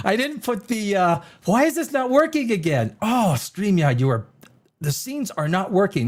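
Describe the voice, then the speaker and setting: A middle-aged man hosting a casual livestream, rambling and joking, often laughing at himself. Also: high voice. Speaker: livestream host.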